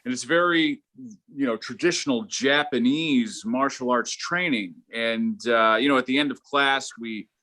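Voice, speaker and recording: A middle-aged man doing a stand-up comedy set, rambling and halting, with lots of fillers and restarts. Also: medium pitch, bright, forceful tone.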